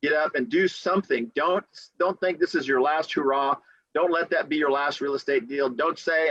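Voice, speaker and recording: A man who works as a real estate attorney, giving motivational advice on a podcast as an animated storyteller who acts out quotes and repeats key phrases for emphasis. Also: on the high side, normal speed, dry recording, lo-fi sound.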